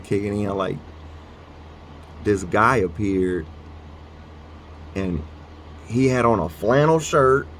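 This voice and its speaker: Man vlogger, low voice, slow and rambling delivery, casual storytelling and devotional reading, faint room hum. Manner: rambling, halting, fillers and restarts.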